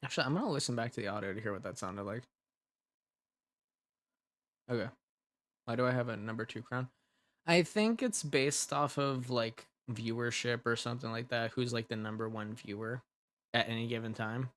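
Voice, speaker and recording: A man of middle pitch chats loosely on a livestream, laughing often and poking fun at himself. He reads viewers' messages aloud and answers them as he goes, rambling in an easy, offhand way. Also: moderate pace, long pauses, fairly bright tone. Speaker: ASMR creator hosting a livestream. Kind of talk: casual livestream chat.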